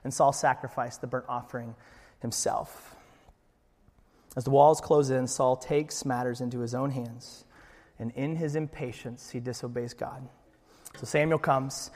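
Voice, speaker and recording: Animated preacher, man, hall reverb. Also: mid-range voice, moderate pace. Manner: animated, acts out dialogue with big loud swings. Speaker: pastor. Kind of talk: sermon.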